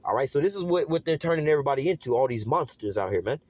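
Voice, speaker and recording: A man's voice: mid-range voice, animated, very fast, darkish tone, no echo. A man giving an informal, rambling Bible study, reading verses and commenting in streetwise slang with constant fillers. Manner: rambling, streetwise, peppered with "man" and "all right". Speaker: Bible teacher.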